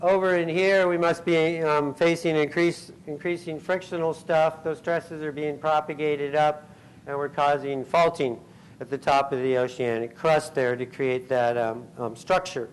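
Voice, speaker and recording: A man giving a scientific conference talk, pausing often with ums and uhs and clearing his throat. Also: fairly high pitch, fairly even intonation, a little hiss or hum, poor audio. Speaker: conference speaker. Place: convention center hall.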